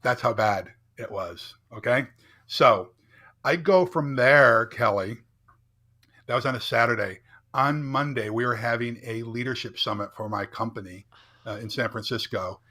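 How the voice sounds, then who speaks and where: Man, middle-aged, keynote speaker, podcast guest, candid storytelling, bright forceful tone. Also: medium pitch, a little slow. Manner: earnest, builds up with rhetorical "right?".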